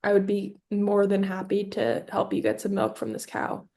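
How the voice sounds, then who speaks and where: A woman plays a gentle female saint in a comic podcast tale, soft and earnest. The words come quietly and a little haltingly, at an ordinary woman's pitch. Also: expressive, lightly acted. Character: gentle kindly female saint speaking to a man.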